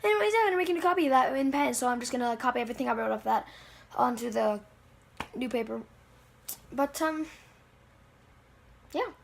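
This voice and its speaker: A woman rambles through the story of a comic she drew, full of fillers and self-deprecating asides. Her voice is high, with a gravelly, fry-laden texture. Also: lively intonation, a little fast, long pauses. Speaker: channel owner. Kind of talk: rambling home-video storytelling.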